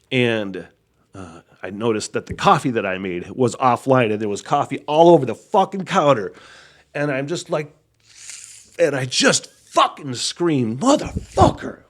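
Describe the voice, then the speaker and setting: A man talks through his own podcast in a loose, unscripted monologue that is full of swearing. He laughs often and jumps between sudden loud outbursts and low muttering. His voice sits at a mid pitch for a man. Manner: profane, rambling, laughs often, swings loud to quiet. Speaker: podcast host. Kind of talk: casual solo podcast monologue.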